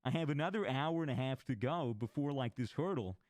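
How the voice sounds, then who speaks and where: A young man chatting casually, an animated storyteller who swears freely and acts out his friends' lines. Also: medium pitch, brisk, no room sound. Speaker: streamer telling stories. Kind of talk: casual chat.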